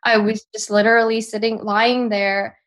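A young adult woman, a podcast guest, retelling a frightening personal experience in an emotional, halting way with restarts. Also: a little high, level tone, a bit bright. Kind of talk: personal storytelling in a podcast interview.

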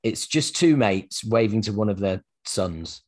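A man's voice: on the low side, lively intonation, unhurried, a little mellow. A man hosting a podcast, chatting casually and reflectively with his guest, with many "you know"s. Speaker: podcast host. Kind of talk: casual interview chat.

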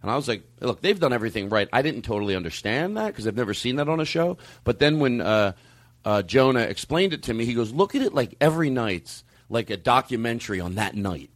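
A man hosting a comedy podcast, telling stories in a loose, profane, animated way that swings between loud and quiet. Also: mid-range voice, fairly quick, no room sound. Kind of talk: casual comic storytelling.

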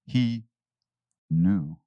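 A man telling stories to a live audience on a handheld mic, animated, laughing and often restarting his sentences. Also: low-pitched, extremely slow, no room sound, dull audio. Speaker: spiritual teacher answering questions. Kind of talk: anecdotal storytelling talk. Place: talk before a live audience. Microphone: handheld microphone.

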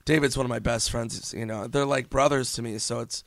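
Male guest, gravelly voice, dry close mic, rambling profane anecdotes. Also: medium pitch, steady tone, brisk, a bit bright, no room sound. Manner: loose, profane, filler-heavy storytelling. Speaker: guest comedian and actor. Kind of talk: casual interview chat.

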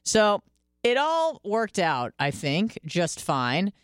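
Brief: young woman host, chatty and profane, resonant voice, mid pitch. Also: takes it slowly, no echo, clean studio sound. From Michigan, US. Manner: candid, profane, animated storytelling with quoted self-talk. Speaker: radio podcast host. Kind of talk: casual monologue.

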